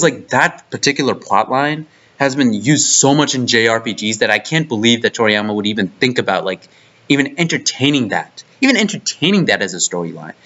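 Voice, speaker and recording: A man's voice: mid-range voice, a bit bright. A young man reviewing an anime arc in a profane, exasperated rant full of restarts. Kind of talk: ranting video review. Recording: dull lo-fi mic.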